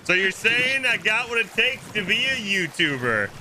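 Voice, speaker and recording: Streaming a game with his friends, this young host has a high voice with big pitch swings and talks at a moderate pace over background noise. The chat is playful and jokey, and he sometimes drifts into a mock-solemn preaching tone.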